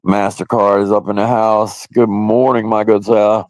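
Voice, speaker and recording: A man's voice: lowish voice, level tone, normal speed, darkish tone, no room sound. A man hosting a casual livestream, chatting loosely and crudely with viewers and often laughing. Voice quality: gravelly. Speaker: livestream host. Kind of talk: casual live-stream chat with viewers.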